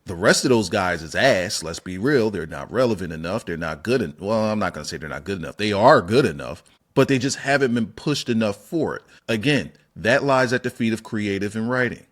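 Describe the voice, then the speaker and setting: A man hosting a wrestling opinion channel, ranting in an animated, profane way, firing off rhetorical questions and sudden high-pitched exclamations. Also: a little fast, hardly any pauses. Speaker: wrestling commentary channel host. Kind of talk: opinionated solo rant.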